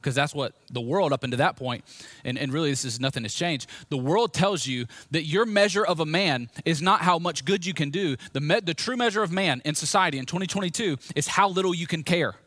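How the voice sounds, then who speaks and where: A man preaching a personal testimony sermon to a room, speaking candidly and swinging between hushed storytelling and loud, emphatic points. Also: on the high side, brisk, no echo. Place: room with a live audience.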